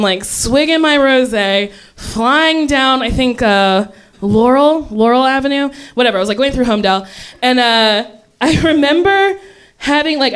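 A woman's voice: a little high, clear, resonant tone. A woman telling a funny story on stage, often breaking into laughter as she talks. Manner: laughs often while talking. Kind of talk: comedic storytelling.

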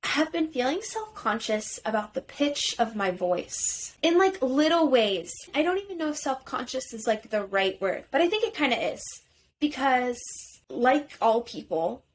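A woman in her twenties with a high, youthful-sounding voice, co-hosting a casual podcast chat, animated and full of "like" fillers. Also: measured pace, slight background noise. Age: 20s. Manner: animated, rises higher when excited, many "like" fillers. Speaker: podcast co-host.

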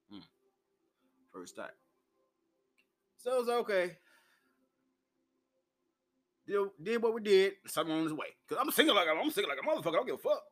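Brash profane man, high-pitched. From Memphis, US. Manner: profane, brash, laughs often. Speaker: talk show host. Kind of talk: uncensored solo monologue.

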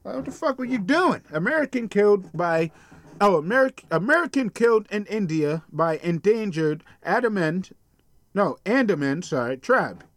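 A man's voice: high voice, big pitch swings, normal speed, fairly bright tone, no room sound. A man hosting a podcast, ranting casually about a news story, swearing bluntly and stumbling over names as he reads. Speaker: podcast host. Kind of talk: casual profane rant reading a news story.

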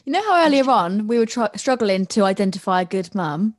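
A woman's voice: medium pitch, sing-song, fairly quick. Sympathetic woman chatting. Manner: sympathetic, warm interjections. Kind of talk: casual chat.

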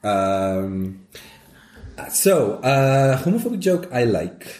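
Casual comic guest, male, very animated delivery, roomy echoey recording. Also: mid-range voice, slow pace. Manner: animated storyteller, acts out joke voices. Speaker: comedian guest. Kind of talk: casual conversation about comedy.

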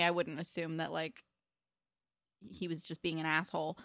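A woman's voice: low voice, steady tone, brisk, a bit bright, no room sound, clean studio sound. A woman in her twenties co-hosting a podcast, chatting enthusiastically about a TV episode, full of casual fillers and swearing. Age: 20s. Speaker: podcast co-host. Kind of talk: casual recap chat.

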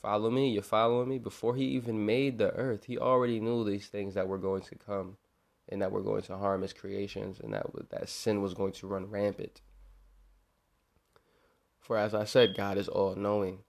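With a flat, gravelly delivery at a moderate pace, this young man speaks in a lowish voice on his podcast. His talk on faith and forgiveness is earnest and informal, with frequent repetition of words.

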